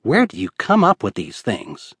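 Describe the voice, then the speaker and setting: A man voicing a curious, eager young woman who asks quick questions. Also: mid-range voice, wildly swooping pitch, a bit bright, husky, no echo, studio quality, heavily acted. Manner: quick, inquisitive.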